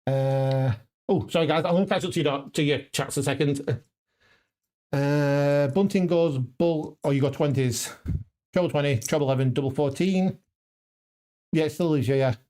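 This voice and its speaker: A man's voice: on the high side, normal speed, warm tone. Man muttering darts checkouts to himself. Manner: muttering checkout numbers to himself, chatty with viewers. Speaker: darts vlogger. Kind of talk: casual live-stream chat while practicing darts. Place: home darts room.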